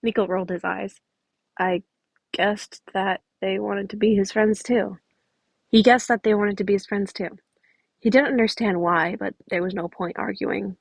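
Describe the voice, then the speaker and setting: Casual woman podfic reader; gravelly, husky, very dry recording. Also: medium pitch, fairly even intonation, moderate pace, no echo, rough recording. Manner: casual, self-correcting with chatty asides. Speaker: fan fiction reader. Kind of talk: podfic narration.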